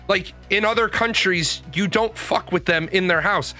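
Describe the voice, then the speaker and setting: A man's voice: sits high, normal speed, hardly any pauses, sharp tone, faint music behind. A man in a casual monologue, telling stories in a blunt, rambling way with frequent swearing. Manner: blunt, profane, rambling storytelling. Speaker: show host.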